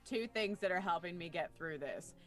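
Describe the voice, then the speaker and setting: A woman's voice: lowish voice, lively intonation, normal speed, a bit bright, faint music behind. A woman playing a tabletop role-playing game in character, sarcastic and short of breath. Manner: sarcastic, joking to cope. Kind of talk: in-character role-play banter.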